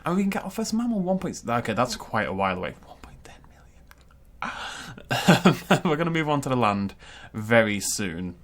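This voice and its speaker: A man hosting a gaming channel, giving chatty, excitable let's-play commentary and laughing often. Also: mid-range voice, moderate pace.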